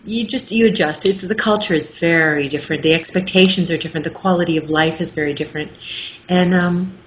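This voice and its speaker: A middle-aged woman talking as an interview guest, telling stories in a lively, articulate way. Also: fairly low pitch, brisk. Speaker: guest, audiobook narrator. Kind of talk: casual interview chat. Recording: muffled with faint background noise.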